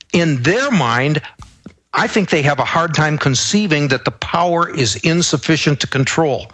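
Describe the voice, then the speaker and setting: Measured, higher-voiced male radio guest. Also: a bit bright, no echo. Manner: measured, explanatory, argues step by step. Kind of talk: political talk show discussion.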